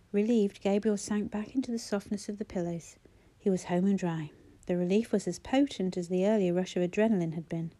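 Audiobook narrator: woman, mellow tone, measured and gentle delivery. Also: medium pitch. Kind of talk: scripted narration.

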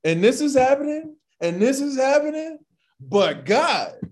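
A man's voice: extremely high pitch, big pitch swings, unhurried, pitched above the performer's own voice, heavily acted. A man putting on a fervent church preacher. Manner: emphatic, sing-song preaching cadence. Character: fervent male church preacher rousing his flock.

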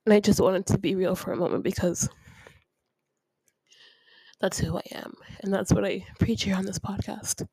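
A tearful woman hosts her podcast, talking close to the mic in a soft, earnest voice and sniffling now and then. Her delivery drifts between heartfelt chat and spoken prayer, with small nervous laughs. The sound is dry and close, and her pitch sits in a middle range. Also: steady tone, moderate pace, gravelly, pauses often, breathy edge, no echo. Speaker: podcast host.

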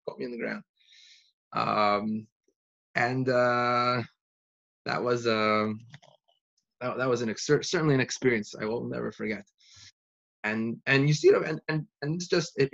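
A young man teaching a Talmud lesson in yeshiva style, animated and full of restarts. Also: medium pitch, vocal fry, highs cut off. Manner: animated, uses Hebrew and Yiddish learning terms, many restarts. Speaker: Torah teacher.

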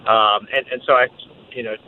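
A man in his thirties with a Southern US accent, a guest talking casually over the phone in a relaxed, hesitant way with many fillers. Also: fairly low pitch, a little fast, slight background noise. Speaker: guest, track executive. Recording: tinny phone line.

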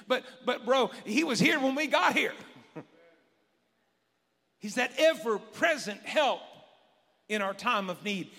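Pastor, man, high bright voice, emphatic delivery, echoing church hall. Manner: emphatic preaching, rising to shouts, chuckles often. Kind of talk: sermon. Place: church sanctuary.

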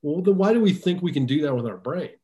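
A man's voice: fairly high pitch, lively intonation, fast, warm tone. A man hosting a podcast in casual chat, talking conversationally and often repeating words as he thinks aloud. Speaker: podcast host.

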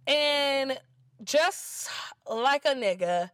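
A woman's voice: high voice, takes it slowly, smooth, no room sound. A woman with an African American English accent telling a casual story, blunt and profane, mocking the people she quotes. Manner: blunt, profane, animated, mimics others mockingly.

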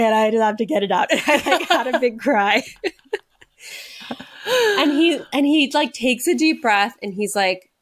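A woman's voice: a little high, very animated, takes it slowly, pauses often, a bit bright. A young woman co-hosting a podcast, telling a story in a casual chat and laughing often. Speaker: podcast co-host. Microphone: video call.

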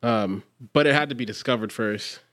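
A young man at an ordinary pitch co-hosts a casual podcast, recorded dry and close with no room sound. He rambles through his points, filling his sentences with "like" and restarting them often. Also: normal speed, a bit bright, no room sound. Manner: rambling, heavy use of "like", frequent restarts. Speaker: podcast co-host. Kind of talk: casual chat.

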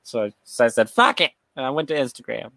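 A man's voice: mid-range voice, fast, vocal fry, dry recording. A man co-hosting a horror podcast, chatting casually with wry, profane jokes. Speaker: podcast co-host. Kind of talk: casual chat.

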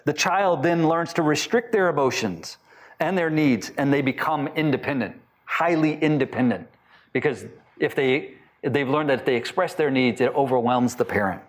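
A man giving a talk to a live audience, asking them many questions and acting out short quotes in lively voices. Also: medium pitch, normal speed. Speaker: speaker teaching on attachment styles.

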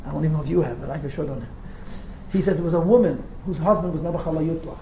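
A man teaching a class as a rabbi, telling a story with quick asides before turning to the text. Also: on the high side, dark tone. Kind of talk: storytelling lecture. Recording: roomy echo with faint noise.

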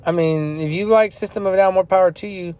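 A man's voice: high-pitched, quick pace, a little mellow. A young man hosting a podcast, talking in a blunt, profane, repetitive ranting manner about music. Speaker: podcast host. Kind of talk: casual opinion monologue.

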